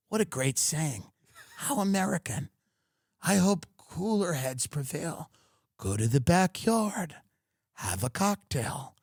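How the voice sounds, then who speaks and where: Sarcastic ranting man, very animated. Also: a little high, takes it slowly, no room sound, studio quality. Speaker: podcast host. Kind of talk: comedic rant.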